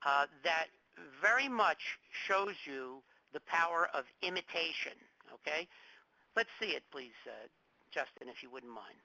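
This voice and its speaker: A man's voice: fairly high pitch, pushed and bright, low-quality recording. Emphatic New York man lecturing. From New York metropolitan area. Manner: emphatic, repeats words while searching for them. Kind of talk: public lecture.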